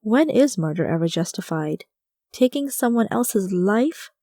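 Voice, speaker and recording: A woman narrates a first-person audiobook in a wry, conversational way. Her voice is mellow and soft-edged. The recording is dry and close, with no room sound. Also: medium pitch, lively intonation, unhurried, no echo.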